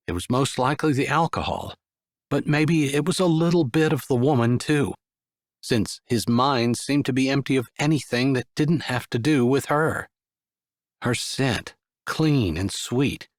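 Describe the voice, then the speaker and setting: Male audiobook narrator, calm and measured, unhurried; dry close-mic studio read. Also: medium pitch, dry recording. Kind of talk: scripted narration.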